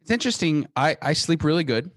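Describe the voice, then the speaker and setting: A man being interviewed about the business he founded. He talks in an emphatic, energetic way and often restarts his sentences. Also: fairly high pitch, fast, no room sound. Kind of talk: casual interview talk.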